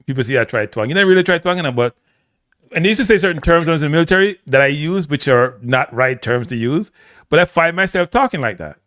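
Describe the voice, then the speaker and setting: A middle-aged man from Jamaica with a Jamaican accent, chatting casually about football as a host and telling animated stories with lots of repeats. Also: a little high, fast, dry recording, studio quality. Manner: animated storytelling, frequent repeats and laughs. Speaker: show host.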